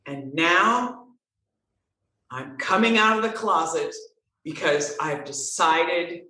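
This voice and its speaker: A woman guest telling a story in an interview, animated and acting out the dialogue. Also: fairly low pitch, slow, far from the mic. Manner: animated, expressive storyteller who acts out dialogue. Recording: roomy sound, from off-mic.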